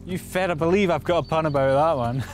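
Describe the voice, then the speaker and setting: A man's voice: on the high side, fast, soft background music. A man presenting on location in a playful, punning way. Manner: punning, jokey.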